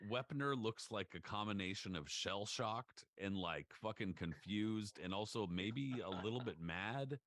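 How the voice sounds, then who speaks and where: A male podcast guest chimes in with short, blunt comments. His voice sits on the low side. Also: expressive, measured pace, few pauses, a bit bright. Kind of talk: casual chat.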